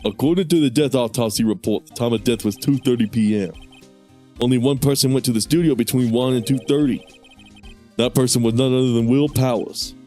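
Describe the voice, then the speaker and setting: A man's voice: mid-range voice, brisk, warm tone, soft background music, close to an everyday voice. A man reading the lines of a simple-minded male police detective from a game in his own everyday voice. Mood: explaining.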